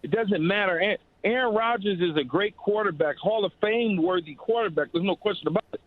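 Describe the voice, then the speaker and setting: A man's voice: sits high, a little fast, dry recording. A man calling into a sports radio show, blunt and combative in debate. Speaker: radio guest. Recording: tinny phone line.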